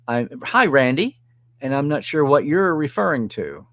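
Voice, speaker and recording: A middle-aged man hosting a live stream, reading viewer comments aloud and reacting in a chatty, animated way. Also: mid-range voice, a little slow, dry recording.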